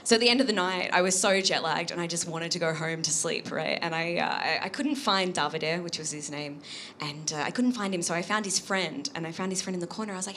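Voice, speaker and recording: An Australian woman in her thirties performs a chatty stand-up set on a live comedy stage. Her voice sits fairly low, and she keeps tagging her lines with "right?" A faint hiss runs under the recording. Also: steady tone, a little fast, fairly bright tone. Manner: chatty, frequent "right?" tag questions.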